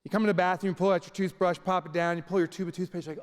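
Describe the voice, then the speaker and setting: Racing along in a high voice, this man gives a funny, motivational keynote before a live crowd at a large venue. He brings his stories to life by acting out the scenes, his words echoing around a reverberant hall.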